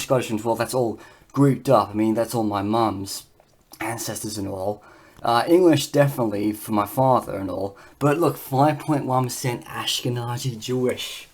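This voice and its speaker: Speaking to his camera in a relaxed vlog, a man reads over on-screen results, stumbling along with lots of fillers and false starts. He has a mid-range voice.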